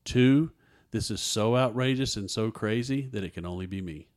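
Fairly low and somewhat dark in tone, this man's voice moves at a moderate pace. As a guest in an interview, he tells his own story earnestly and plays out the words of others.

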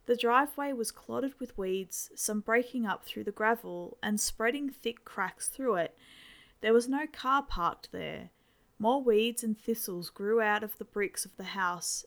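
Woman narrator for a ghost story, measured delivery, gravelly texture. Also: medium pitch, fairly bright tone. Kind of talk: scripted horror story narration.

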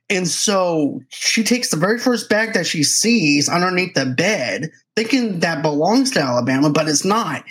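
A man hosting a casual film podcast, recapping the plot at length in a relaxed way with a few stumbles. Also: high voice, moderate pace, few pauses. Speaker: podcast host.

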